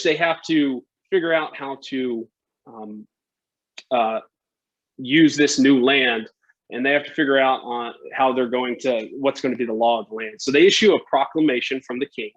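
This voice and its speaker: A man's voice: mid-range voice, fairly bright tone. A man telling history in a casual, chatty way, often checking in with "right?" and dropping in jokes. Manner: conversational, lots of "right?" and "like". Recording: dull lo-fi podcast audio.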